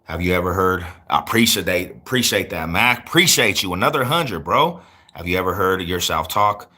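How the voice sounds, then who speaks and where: A man in his forties chatting casually on a livestream, answering viewers with hyped street slang and loud shout-outs. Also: low-pitched, lively intonation, normal speed, husky. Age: 40s. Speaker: YouTuber.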